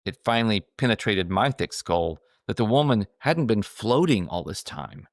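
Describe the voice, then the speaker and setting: A man's voice: on the low side, big pitch swings, normal speed, no echo, studio quality. A man reading his own humorous memoir aloud, in a wry, dryly self-mocking storytelling style. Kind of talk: scripted storytelling narration.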